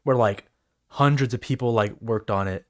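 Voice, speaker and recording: A man's voice: mid-range voice, moderate pace. A man co-hosting a casual movie podcast, rambling with lots of fillers and swearing. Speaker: podcast co-host. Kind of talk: casual movie review chat.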